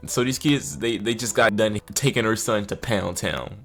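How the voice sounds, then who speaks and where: A young man hosting comedic video commentary, animated and slangy with joking asides. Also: fairly low pitch, moderate pace, soft background music. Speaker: commentary host.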